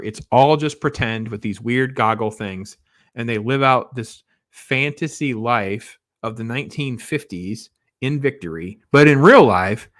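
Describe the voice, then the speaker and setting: A man's voice: fairly low pitch, fairly bright tone, no room sound. A man giving a casual, blunt spoiler review of a film, rambling and sarcastic as he recounts the plot. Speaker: movie reviewer.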